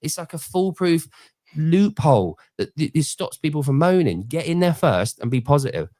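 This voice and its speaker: A man in his forties from Britain, hosting a casual podcast chat and telling stories with lively energy. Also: a little high, moderate pace, dry recording, clean studio sound. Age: 40s. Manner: animated storyteller, mimics people in quoted voices. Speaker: podcast host.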